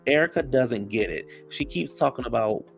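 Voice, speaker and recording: Man, gravelly fry, sassy gossipy recap, casual chat, says honey and child. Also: mid-range voice, lively intonation, moderate pace, faint music behind. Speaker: reality TV recap host. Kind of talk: casual episode recap commentary.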